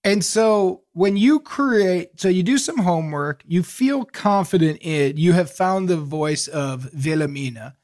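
A man's voice: high voice, unhurried, hardly any pauses, darkish tone, no room sound, clean studio sound. A man co-hosting a comedy advice podcast, questioning a caller in a leading, mock-serious way. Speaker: podcast co-host. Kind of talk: comedic casual chat.

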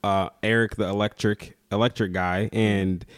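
A man's voice: fairly low pitch, level tone, moderate pace, dry recording, studio quality. A young man co-hosting a podcast in casual chat, joking around and laughing at his own jokes. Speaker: podcast co-host.

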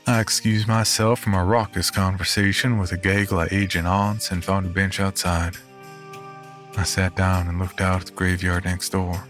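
A man narrating a first-person horror story in a reflective, measured way. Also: deep voice, little pitch movement, a bit bright, faint music behind.

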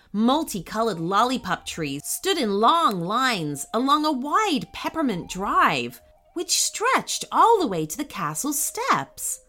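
A woman reads a children's story aloud, slow and expressive, her voice lively and swinging in pitch. It sounds bright and clear. Soft music plays faintly behind her.

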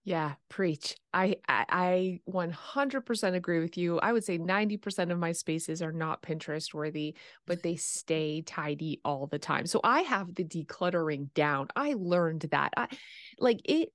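A woman hosting a podcast, talking in a chatty, animated way with lots of fillers over a video call. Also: lowish voice, normal speed, dry recording, clean studio sound. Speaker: podcast host. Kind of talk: casual interview chat.

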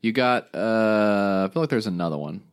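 A man co-hosting a loose comedy podcast, his pitch swinging lively up and down as he teases and riffs. He sounds casual and playful, firing off jokes at his co-host. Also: normal speed, clean tone. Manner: playful, teasing, riffing with jokes.

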